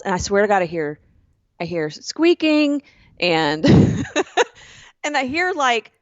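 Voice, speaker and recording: A woman's voice: high voice, takes it slowly, dry recording, muffled recording. A woman from Alabama in her forties, co-hosting a casual sister podcast and telling family stories with lots of acted-out voices. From Birmingham, Alabama. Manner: animated storytelling, acting out family voices. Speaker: podcast co-host.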